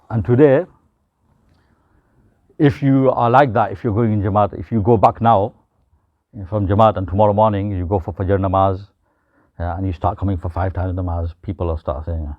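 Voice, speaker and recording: A man's voice: lowish voice, fairly even intonation, normal speed, pauses often, no echo. Man, preacher, informal talk, acted-out anecdotes, dull lo-fi recording. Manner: storytelling with acted quotes, mixing English with Gujarati and Urdu phrases. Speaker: Islamic preacher. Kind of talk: informal religious talk to a group. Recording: dull, muffled, dry recording.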